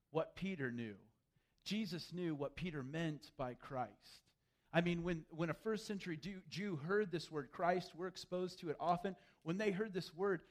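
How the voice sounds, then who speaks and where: A man preaching a sermon, animated, acting out the voices he quotes. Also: high voice. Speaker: pastor.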